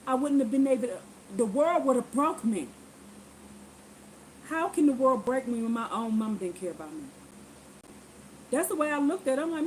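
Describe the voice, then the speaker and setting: A woman vlogger telling a personal story to her viewers in a lively, preachy way, acting out what people said. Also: high voice, a little hiss or hum, rough recording. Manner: animated, acts out quotes in voices; preachy, addresses viewers directly. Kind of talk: casual storytelling testimony.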